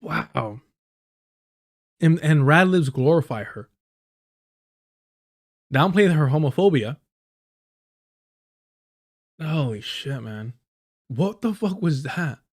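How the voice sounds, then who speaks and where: A man's voice: on the high side, lively intonation, takes it slowly, pauses often. A man streaming live and reacting to clips with profane, sarcastic commentary. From United States. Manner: profane, sarcastic, mocking voices of clip figures.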